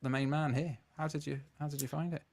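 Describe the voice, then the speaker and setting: A man's voice: a little high, fairly even intonation, quick pace, creaky, darkish tone. A man co-hosting a casual chat, asking the guest questions and laughing often. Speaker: co-host.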